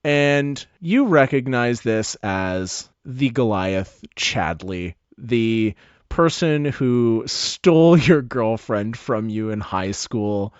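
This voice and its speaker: A man's voice: lowish voice, expressive, takes it slowly, clear, resonant tone, no room sound, muffled recording. Laid-back male dungeon master. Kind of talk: narrating a tabletop game.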